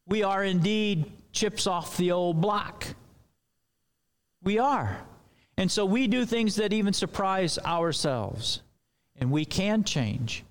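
A man's voice: high-pitched, expressive, slow pace. A man preaching a sermon in a loose, conversational way with rambling asides.

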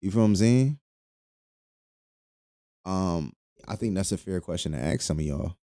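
Man, podcast host, crude joking rant, low mellow voice, dry close sound. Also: lively intonation, normal speed, dry recording. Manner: crude, joking, loose and rambling, laughs often.

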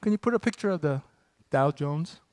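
A man preaching a sermon as pastor, moving between relaxed, joking asides to the congregation and emphatic, building declarations. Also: on the high side, a little fast, no room sound. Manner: conversational and joking, with sudden emphatic bursts.

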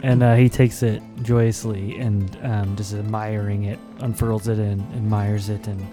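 A man's voice: lowish voice, flat delivery. Easygoing male game master. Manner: laughs easily, halting with ums. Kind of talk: narrating a tabletop game. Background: music.

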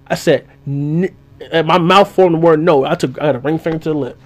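A young man in casual podcast talk, telling a story with lively sound effects and a voice that climbs when he gets excited. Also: a little high, brisk. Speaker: podcast host.

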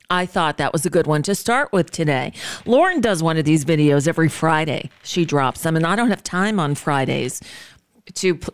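A woman hosts a radio talk show, chatting loosely with plenty of fillers and false starts. Her voice sits a little low, in a dry, close sound. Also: smooth, no room sound. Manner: chatty, rambling, with fillers and self-corrections. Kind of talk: casual chat.

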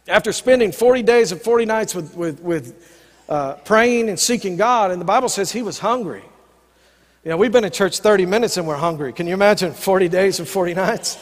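A male pastor preaching a sermon in a folksy, conversational way that builds to fervent exhortation, recorded live in a church sanctuary. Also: high voice. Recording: live church sound with long reverb and faint guitar.

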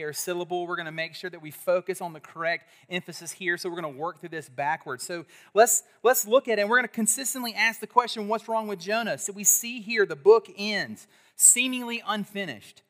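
Bright-voiced male preacher. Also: high voice. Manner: animated, leads congregation in call-and-response. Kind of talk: sermon. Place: church service.

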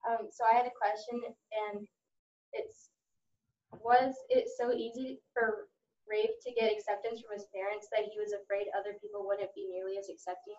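A woman's voice: mid-range voice, fairly even intonation, moderate pace, darkish tone. A woman in the audience speaks up from far off the mic, her voice muffled and dull. She hesitates and leans on fillers as she asks her question. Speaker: audience member. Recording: distant, dull sound from off-mic.

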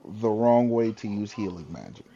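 A man's voice: fairly low pitch, animated, normal speed, warm tone. A man, co-hosting a casual chat, laid-back and dryly teasing. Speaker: podcast co-host. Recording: dull lo-fi sound.

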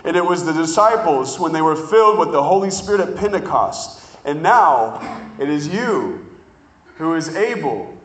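A man preaching a sermon, telling stories in an animated way and drawing out words for emphasis. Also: on the high side, roomy sound, poor audio. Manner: animated storytelling with drawn-out emphasis.

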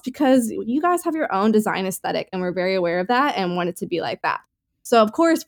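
A woman co-hosting a podcast in casual chat, talking in an upbeat, rambling way with lots of fillers. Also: mid-range voice. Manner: chatty, filler-heavy, upbeat. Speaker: podcast co-host.

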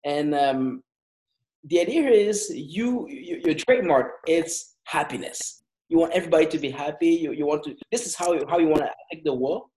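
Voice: mid-range voice, moderate pace, dark tone, poor audio. A friendly interviewer who laughs often while asking questions.

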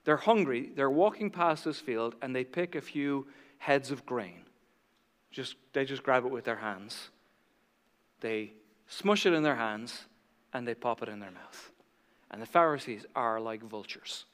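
A man preaching a sermon, animated and conversational, acting out the voices of his listeners. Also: medium pitch, moderate pace, big-room sound. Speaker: pastor.

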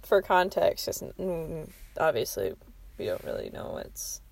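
Slow, gravelly-voiced woman, lively pitch. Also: slight background noise. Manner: laughs often, swears, self-mocking. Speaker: podcast co-host. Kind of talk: casual late-night podcast chat. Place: outdoors at night.

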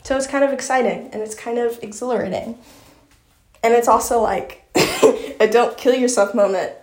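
A Southern-accented woman hosts her own podcast, chatting effusively with lots of fillers and reading aloud from her book. Her voice is a little high and darkish in tone, at a moderate pace, with a reverberant sound.

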